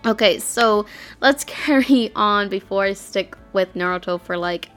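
A woman's voice: mid-range voice, unhurried, faint music behind. A woman hosting a casual chat, talking in emotional, rambling bursts. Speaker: podcast host.

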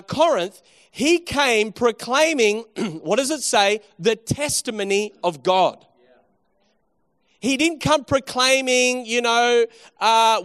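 High-voiced male preacher, storytelling. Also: a bit bright, smooth, no echo, clean studio sound. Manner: storytelling, rising to emphatic exhortation. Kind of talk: sermon.

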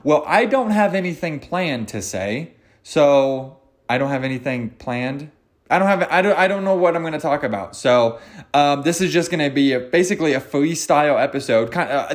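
A man hosting his own podcast, rambling off the cuff with jokes, swearing and self-mocking asides. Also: fairly high pitch. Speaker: podcast host. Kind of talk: unscripted solo podcast ramble.

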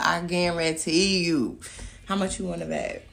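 A woman hosting a podcast, talking in a casual, profane monologue that swings between loud emphatic outbursts and muttered asides. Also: lowish voice, fairly even intonation, unhurried, vocal fry. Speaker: podcast host.

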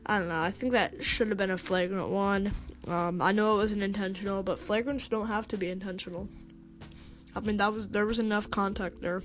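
A young woman hosting a casual sports talk segment, hesitant, with many fillers, restarts and stumbles. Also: mid-range voice. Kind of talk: casual sports commentary monologue.

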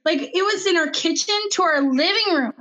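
A woman in her thirties, a podcast co-host, telling a hectic family story in casual chat with lively acted-out quotes. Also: extremely high pitch, a little fast. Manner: animated, breathless retelling with acted-out quotes.

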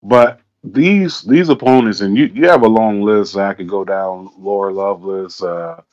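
A man's voice: fairly low pitch, unhurried, a little mellow. A man hosting a casual interview, rambling and repeating himself with lots of fillers. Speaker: interviewer, host. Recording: dull lo-fi audio.

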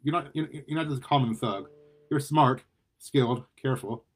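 A man's voice: mid-range voice, normal speed, slightly rough, lightly acted. A man reading aloud and voicing an earnest masked heroine who pleads with a rival in a lifted voice.

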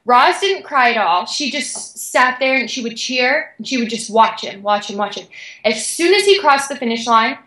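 A young woman guest, an athlete, telling a story in an excited, chatty way with many "like"s. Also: a little high, normal speed, roomy sound, poor audio. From Canada. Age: young adult. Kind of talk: animated storytelling.

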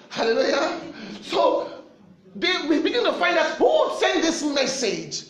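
A Nigerian man preaching a sermon with fervent, animated delivery and shouted refrains. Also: very high voice, normal speed, roomy sound.

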